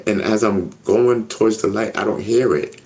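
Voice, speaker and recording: A man with a lowish, slightly mellow voice shares a personal story as a guest in a casual interview, speaking at a moderate pace. He's earnest and repetitive, frequently checking in with "you know what I mean?"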